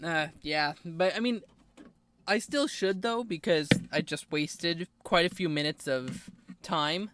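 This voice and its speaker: A man's voice: fairly high pitch, slow, a bit bright. A man hosting a game playthrough, chatting casually and apologetically, sometimes talking while eating. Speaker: gaming channel host.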